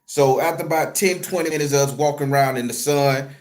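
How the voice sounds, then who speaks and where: A man who works as a spiritual reader, telling a story to his viewers in an animated, profane, conversational way. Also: on the high side, fairly quick. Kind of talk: storytelling vlog.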